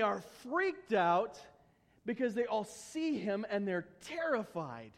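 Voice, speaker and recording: A man's voice: sits high, sing-song, takes it slowly. A man preaching a sermon in a church, earnest, with stumbling repetitions and humorous asides. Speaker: pastor. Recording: long hall reverb.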